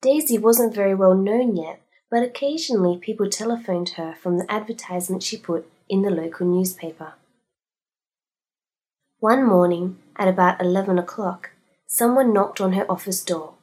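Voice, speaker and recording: Woman reader, husky voice, slow and deliberate scripted story narration. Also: mid-range voice, darkish tone.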